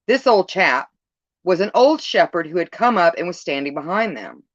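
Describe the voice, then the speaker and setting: Expressive woman reading spooky stories. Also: lowish voice, moderate pace, no room sound, lo-fi sound. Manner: expressive reading with small slips and self-corrections. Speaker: storyteller.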